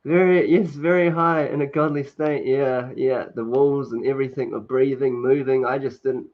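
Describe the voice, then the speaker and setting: A man hosting a relaxed livestream at home, laughing often and chatting loosely with plenty of fillers. His voice sits at an ordinary mid pitch. The sound is dull and lo-fi, like a home stream mic. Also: normal speed. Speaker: livestream host. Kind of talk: casual livestream chat reading comments. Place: indoors at home, sunny.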